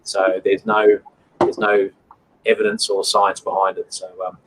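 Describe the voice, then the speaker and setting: An Australian man, a guest on a video call, chatting casually and explaining things in a relaxed way. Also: sits low, a little slow, slight background noise, low-quality recording. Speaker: snake catcher guest.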